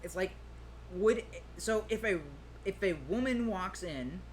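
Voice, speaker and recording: High-ish guy rambling on a podcast, acts out quotes, faint hiss behind. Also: animated, slow pace. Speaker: podcast co-host. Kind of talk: casual opinion chat.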